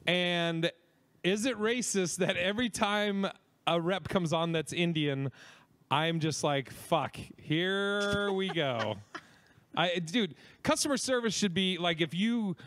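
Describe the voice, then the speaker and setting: A man's voice: high-pitched, measured pace, fairly bright tone. A man co-hosting a comedy podcast, ranting in casual talk, profane and rambling, often stumbling over his words. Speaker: podcast co-host.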